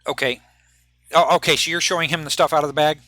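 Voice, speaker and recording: A man narrates a tabletop game as game master, describing scenes in a chatty way with frequent restarts. His voice sits fairly high and sounds bright and forward. The recording is dry and close. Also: steady tone, quick pace, dry recording.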